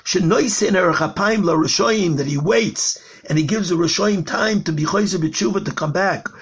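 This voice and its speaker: A man's voice: sits high, moderate pace, fairly bright tone, breathy edge. A rabbi giving an impassioned Torah lecture on prayer. He tells a parable and stretches key words for emphasis. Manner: storytelling with a parable.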